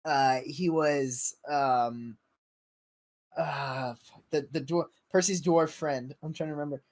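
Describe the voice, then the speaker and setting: A young man hosting a casual podcast, easygoing and quick to laugh, with loose fillers. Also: on the high side. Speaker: podcast host.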